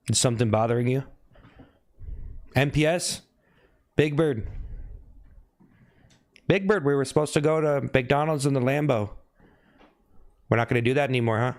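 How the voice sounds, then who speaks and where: A male streamer who keeps prodding his viewers with the same mocking questions over and over. His voice sits at a middling pitch, and he suddenly breaks off into high yelps. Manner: teasing, repetitive needling questions. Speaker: live streamer. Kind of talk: live stream chat banter.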